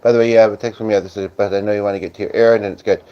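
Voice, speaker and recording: A man's voice: fairly low pitch, fairly even intonation, very fast, warm tone, clean tone. Rambling man chatting on a livestream. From Canada. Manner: rambling, many fillers, reads viewer comments aloud. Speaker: livestream host. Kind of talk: casual live-stream chat. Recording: slightly dull lo-fi audio.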